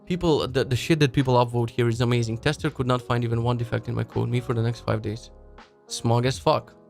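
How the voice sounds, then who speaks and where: A man's voice: mid-range voice, fairly even intonation, vocal fry, darkish tone, faint music behind. Profane, ranting male podcast host. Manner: swears a lot, restarts sentences, mocks people in quick put-on asides. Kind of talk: casual profane rant.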